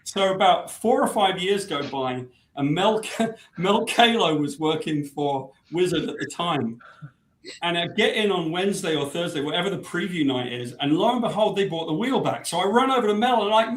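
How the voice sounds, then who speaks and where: A man's voice: high-pitched, lively intonation, moderate pace, reverberant, a little hiss or hum. A man, a guest comic book writer, telling a long self-deprecating anecdote with laughs. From Britain.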